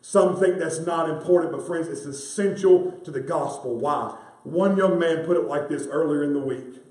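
A man's voice: fairly high pitch, moderate pace, darkish tone. A man preaching a sermon as pastor, emphatic and repeating key phrases to the congregation he calls friends. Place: church sanctuary. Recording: roomy sound from a distant mic.

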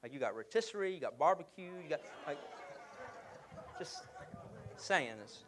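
A man's voice: a little high, normal speed, a crowd in the background, noisy background. A man preaching a sermon as pastor, telling stories with jokes and putting on voices for the characters. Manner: lively storytelling with jokes and acted voices.

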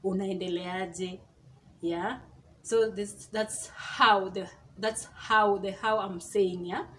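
A woman from Kenya gives a relaxed video lesson. Her voice sits at a middle pitch, and she slows down to repeat each example phrase several times. A faint noise hums behind her. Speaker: Swahili teacher. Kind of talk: casual online language lesson.

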